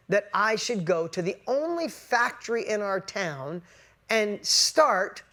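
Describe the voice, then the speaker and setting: This man's voice is high and fairly bright. Working as a motivational coach, he speaks emphatically to people watching online live, with frequent repetition and self-interruptions as he starts his words over.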